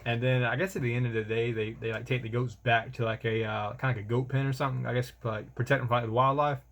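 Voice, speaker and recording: A man's voice: medium pitch, flat delivery, fast, fairly bright tone, lo-fi sound. A young man, telling a rambling, slangy vlog story about army training and calling the listener bro. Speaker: soldier vlogger.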